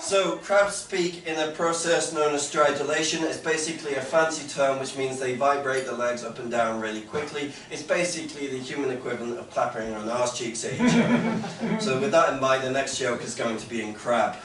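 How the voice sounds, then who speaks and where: A man doing a sarcastic stand-up comedy set on a club stage, sometimes mocking online complainers in a loud put-on voice. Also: mid-range voice, fairly quick. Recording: roomy club recording, heard from a distance, loud background noise.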